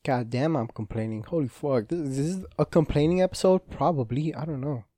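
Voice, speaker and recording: A man's voice: on the high side, brisk, warm tone, no echo, clean studio sound. Rambling, swearing young man. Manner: rambling, frequent swearing, self-interrupting. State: injured hand, restless. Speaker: podcast host. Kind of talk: casual solo podcast monologue.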